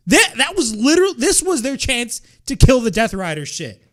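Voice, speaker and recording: A man's voice: very high-pitched, sing-song, normal speed, fairly bright tone. A young man hosting a wrestling watch-along, ranting in exasperation, swearing and repeating himself. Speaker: wrestling reaction host.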